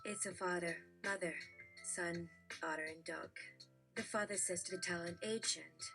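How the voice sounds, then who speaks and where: A woman reading jokes aloud in a brisk, matter-of-fact narrating manner. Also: lowish voice, fairly even intonation, over music. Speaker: joke reader.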